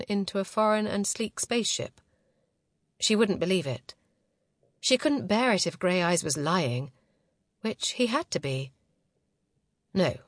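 A woman reading a novel aloud as narrator, in a measured, close and intimate way. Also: on the low side, no echo. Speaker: audiobook narrator. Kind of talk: scripted narration.

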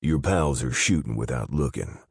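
A man voicing a hardened male convict who snaps and shouts short orders. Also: extremely low pitch, lively intonation, normal speed, vocal fry, husky, dry recording, clean studio sound, full character voice. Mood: urgent. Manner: curt, snapping, shouting orders. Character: hard, grim male convict fighting his way out.

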